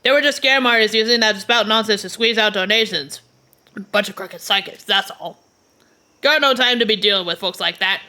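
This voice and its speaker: A woman doing a gruff, hot-tempered old island man. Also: mid-range voice, moderate pace, pushed and bright, natural voice. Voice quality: gruff, folksy drawl. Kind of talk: reading game dialogue aloud.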